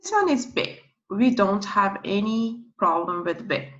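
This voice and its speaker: A woman giving a slow pronunciation lesson, who repeats each sound patiently several times. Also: mid-range voice, very animated, a bit bright. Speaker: language teacher. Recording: dull lo-fi recording.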